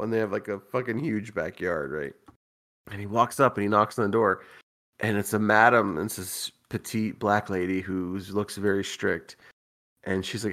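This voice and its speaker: Tipsy from drinking, this podcast co-host rambles through a long story full of profanity and frequent laughter in a casual storytelling chat. His voice is fairly low and a bit bright, at normal speed.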